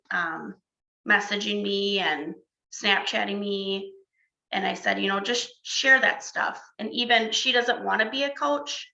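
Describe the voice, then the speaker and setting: Young woman, new coach, casual live-stream chat, bright tone, some vocal fry, frequent fillers, roomy echo, slightly muffled. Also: mid-range voice. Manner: chatty, frequent fillers and restarts. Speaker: new fitness coach, guest. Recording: roomy, slightly dull sound.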